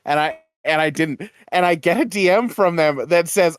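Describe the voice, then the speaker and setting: A man's voice: sits high, expressive, moderate pace, few pauses, no room sound, studio quality. A man co-hosting a podcast in casual chat, laughing often and swearing a lot. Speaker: podcast co-host.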